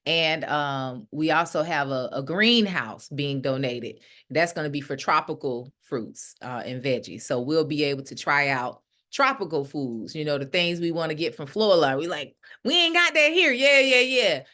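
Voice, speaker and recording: A woman's voice: sits low, normal speed, few pauses. A middle-aged woman leading a ministry, giving a casual spiritual talk and acting out the voices of the people she quotes. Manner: animated, acts out quoted voices. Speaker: ministry leader.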